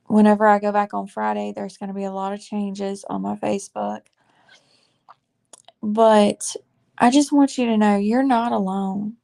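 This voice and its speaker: A woman in her forties giving a heartfelt faith testimony to her viewers, earnest and confiding, halting with fillers and saying y'all, close to tears. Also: medium pitch, creaky, warm tone. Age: 40s. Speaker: faith vlogger.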